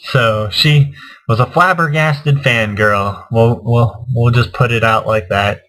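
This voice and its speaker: A man's voice: medium pitch, slow pace, a bit bright, rough recording. A man who hosts a gaming channel, telling a rambling convention story in casual chat and acting out what others said. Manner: rambling storyteller, acts out quotes. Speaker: gaming YouTuber.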